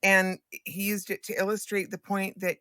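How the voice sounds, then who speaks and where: A woman's voice: medium pitch, little pitch movement, normal speed, fairly bright tone, no room sound, clean studio sound. A woman hosting a podcast interview, chatting frankly and casually, with occasional swearing. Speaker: podcast host.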